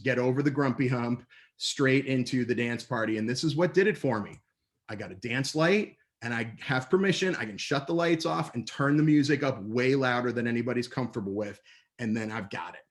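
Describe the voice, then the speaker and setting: A man giving an upbeat, playful presentation over a video call from home. He tells stories and jumps into quick voices when he quotes people. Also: mid-range voice. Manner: lively, playful storyteller with quick put-on voices for others. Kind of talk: energetic online talk. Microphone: computer mic on a video call.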